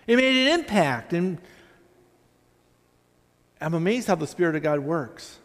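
A man's voice: a little high, sing-song, unhurried, a bit bright. A man preaching a sermon as pastor of a church, talking in a conversational, self-deprecating way with frequent restarts and asides. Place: church sanctuary. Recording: long hall reverb.

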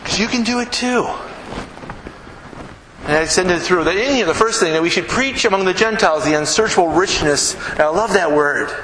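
A man's voice: sits high, fairly bright tone. A male pastor preaching a sermon with lots of energy, acting out the people he quotes. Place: church sanctuary. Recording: echoey hall with room noise.

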